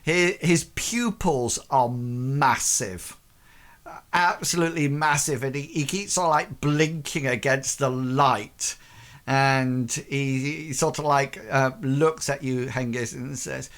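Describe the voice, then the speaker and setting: A man's voice: mid-range voice, slow pace, fairly bright tone. A man narrating a tabletop game as game master, hesitant and full of fillers.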